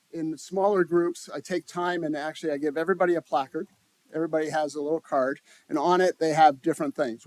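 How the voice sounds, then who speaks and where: A man speaking to a conference audience in a slightly high voice. He talks conversationally, restarts his phrases and puts questions to the listeners. The sound is dry and close. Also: no room sound. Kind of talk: live conference talk to an audience. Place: conference room.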